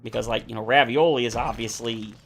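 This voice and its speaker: A man's voice: medium pitch, steady tone, a little fast, vocal fry, fairly bright tone, soft background music. A man streaming a survival game, chatting casually in rambling, self-correcting tangents. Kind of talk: casual chat while playing a survival game.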